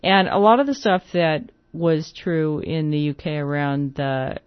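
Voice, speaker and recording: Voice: mid-range voice, unhurried, clear, resonant tone, no echo, highs cut off. A radio host from the United States presenting records on air, talking in a digressive way with many asides.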